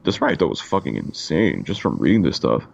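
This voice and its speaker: A man's voice: extremely low pitch, sing-song, fairly quick, vocal fry, lo-fi sound. A man from Canada co-hosting a podcast, chatting in a laid-back, profane way full of fillers. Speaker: podcast co-host. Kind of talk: casual chat.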